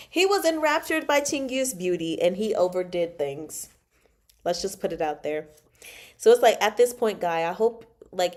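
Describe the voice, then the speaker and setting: A woman hosting a casual livestream book chat, animated and exasperated, laughing often and talking back to the characters. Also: on the low side. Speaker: book club host.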